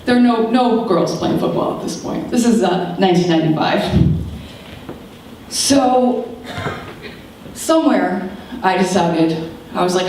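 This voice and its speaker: A woman's voice: medium pitch, a little slow, pauses often, slight background noise. Woman telling stories in an echoey hall. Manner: animated storytelling, acting out quoted voices. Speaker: keynote speaker. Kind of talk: storytelling keynote speech. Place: large lecture room. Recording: very echoey hall, distant mic.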